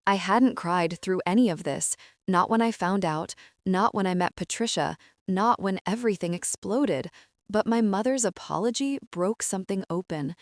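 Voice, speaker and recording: A woman narrating a first-person story in a measured, even storytelling voice. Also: mid-range voice, no room sound, studio quality.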